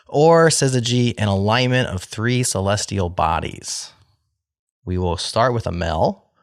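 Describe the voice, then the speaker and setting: Lively low-voiced male game host. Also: no room sound, studio quality. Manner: laughing, playful, reads definitions aloud. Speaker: podcast host, game show moderator. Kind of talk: casual game-show banter.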